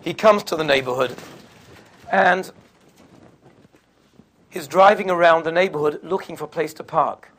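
A religious speaker gives a storytelling sermon in a conversational way, sprinkling in Yiddish and Hebrew terms. His voice is a little high and a bit bright, at normal speed with long pauses.

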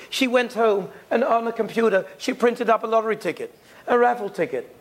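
Delivering a Torah sermon built on stories, a man voices each character himself and drops in Yiddish and Hebrew terms. His voice sits high and has a creaky quality.

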